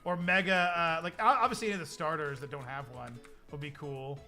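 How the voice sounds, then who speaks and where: A young man hosting a livestream, chatting casually in an excitable, rambling way. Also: fairly high pitch, brisk, soft background music. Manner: excitable, rambling, laughs often. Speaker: livestream host. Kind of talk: casual stream chat.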